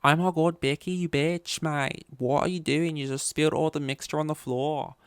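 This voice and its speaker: A man doing shrill bickering Australian soap women. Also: steady tone, normal speed, clear, resonant tone, no echo, clean studio sound, lightly acted. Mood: catty. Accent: put-on Australian. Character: squabbling young women in a soap drama.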